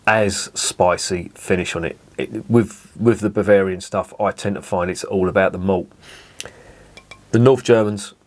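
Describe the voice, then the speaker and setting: A man casually tasting and reviewing a beer, chatty and rambling as he savours it. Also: fairly low pitch.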